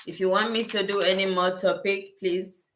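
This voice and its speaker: A woman's voice: mid-range voice, steady tone, moderate pace, a little hiss or hum. A woman who works as a skincare consultant, hosting a casual livestream Q&A with viewers. She talks effusively, repeats herself and thanks her viewers often. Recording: roomy echo.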